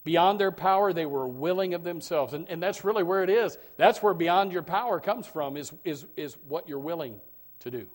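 A man preaching a sermon as pastor, who repeats his words and swings from loud, shouted points to quiet asides. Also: fairly high pitch, lively intonation, normal speed.

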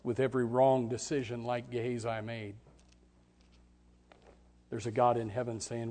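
A male pastor preaching a sermon with dramatic swings from hushed tones to loud outbursts. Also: medium pitch, flat delivery, normal speed, long pauses. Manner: dramatic, swings from hushed to shouting, acts out voices.

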